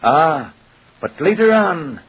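An actor playing a scheming dollmaker who recounts events to a judge with dramatic storytelling in an old-time radio drama. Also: male voice, a little high, sing-song, slow, exaggerated voice. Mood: telling. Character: scheming male dollmaker testifying in court. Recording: hissy lo-fi old radio recording.

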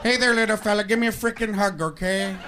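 A man's voice: high-pitched, quick pace, close to an everyday voice. A man doing a pompous barking movie villain. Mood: mock menace. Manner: mock-menacing, barking catchphrases. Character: pompous bald male movie villain, menacing. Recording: noisy live club, crowd audible.

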